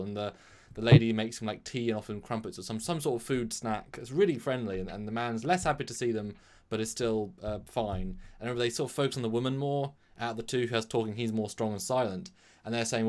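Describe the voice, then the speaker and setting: A man co-hosting a casual chat, recapping a story from memory in a rambling, animated way with sudden jumps in pitch. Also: fast talker. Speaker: podcast co-host recapping an episode from memory.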